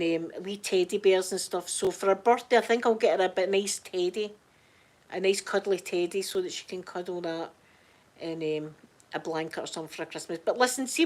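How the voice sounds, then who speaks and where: A middle-aged Scottish woman chatting casually on a live stream, greeting viewers in the chat by name. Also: medium pitch. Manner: chatty, warm-hearted, reads out chat names.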